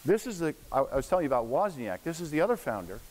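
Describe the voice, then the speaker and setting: A man's voice: fairly high pitch, very animated, very fast, darkish tone. A man in his sixties giving a casual, anecdotal lecture to an audience in a university hall, slipping into voices when he quotes people. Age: 60s. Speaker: guest lecturer. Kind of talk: storytelling lecture. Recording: echoey hall, faint hiss.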